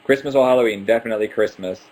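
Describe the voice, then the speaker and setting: A young man with a lowish voice runs a casual livestream Q&A from home, picking up viewer questions and answering each one briskly. His tone is chatty and playful, with a few joking asides. The sound comes from a simple computer microphone. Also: a little mellow, poor audio. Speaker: livestream host. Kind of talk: casual live Q&A.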